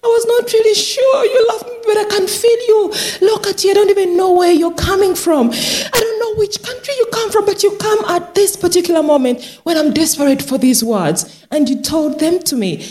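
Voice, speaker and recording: A woman voicing a frail, grateful woman in her late nineties, high and pleading. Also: fairly quick, hardly any pauses, a little mellow. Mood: overwhelmed. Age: older. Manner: tearful, pleading, apologetic.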